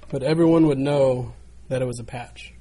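A man's voice: mid-range voice, moderate pace, mellow. A man preaching a sermon, telling a story in an earnest way and building in volume as it goes. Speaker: pastor.

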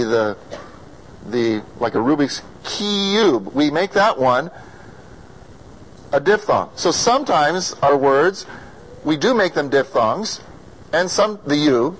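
An American man leads a classroom lesson on vowel sounds, speaking slowly in a fairly high voice. He patiently sounds out each vowel and draws answers from his students. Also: rough recording. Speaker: singing or diction teacher.

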